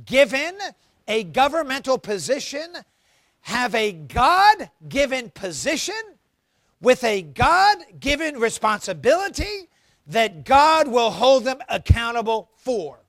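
A man preaching a sermon as pastor, emphatic, swinging between loud emphasis and quiet asides. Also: very high-pitched, no room sound, clean studio sound. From United States.

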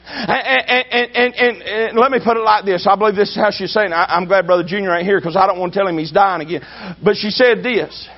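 A man preaching a sermon with emphasis, swinging between loud drawn-out shouts and low asides. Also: dull audio.

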